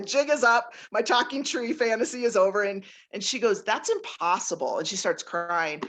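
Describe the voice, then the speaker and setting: A woman guest on a casual interview, telling personal stories in an animated way and laughing often. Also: on the low side, moderate pace. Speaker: guest author, nature intuitive.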